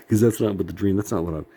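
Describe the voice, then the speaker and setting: A man's voice: sits low, warm tone, husky. A middle-aged man rambling in a profane, self-critical monologue, laughing often and sounding worn out.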